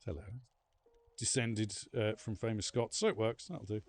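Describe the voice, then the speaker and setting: This livestreaming gamer speaks at a normal speed in a lowish voice with lively intonation. His talk with viewers wanders loosely and is full of self-mockery, all in a relaxed gameplay setting.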